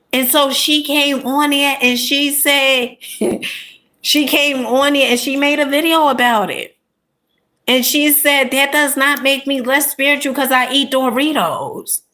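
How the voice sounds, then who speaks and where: Woman vlogger, slightly high pitch, emphatic, chatty storyteller with frequent "honey" and "okay?" asides. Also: bright, forceful tone. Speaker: content creator. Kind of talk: casual storytelling monologue.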